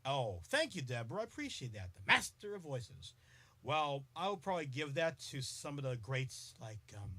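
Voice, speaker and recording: A man hosting a live podcast stream, unhurried and playful as he chats with his viewers. His slightly high voice swings widely in pitch, and his tone is bright and forceful. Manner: playful, giggly, chatting with commenters. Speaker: podcast host. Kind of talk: casual live-stream chat.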